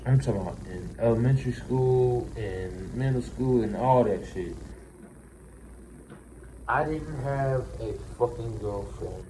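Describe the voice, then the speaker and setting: A man's voice: medium pitch, measured pace, mellow. A young man in his twenties telling a profane, rambling personal story, full of "like" and restarts. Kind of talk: casual storytelling. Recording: roomy, distant mic, noisy background.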